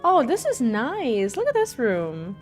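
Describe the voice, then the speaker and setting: A woman's voice: fairly high pitch, wildly swooping pitch, takes it slowly, soft background music. A woman gaming streamer giving casual let's-play commentary, chatty and reactive, laughing often.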